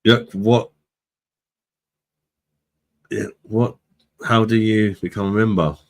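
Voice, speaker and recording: A man's voice: fairly low pitch, fairly even intonation, takes it slowly. A British man hosting a live beer review stream, chatting casually with his viewers, laughing often and swearing freely. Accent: British English. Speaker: livestream host, beer reviewer.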